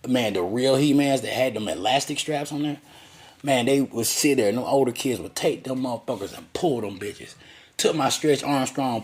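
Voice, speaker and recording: A man's voice: mid-range voice, darkish tone. A man telling a crude, profane, rambling story about his childhood.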